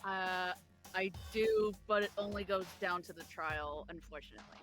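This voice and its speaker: A woman's voice: lowish voice, normal speed, over music. A woman chatting casually and eagerly on a livestream during a group game reading.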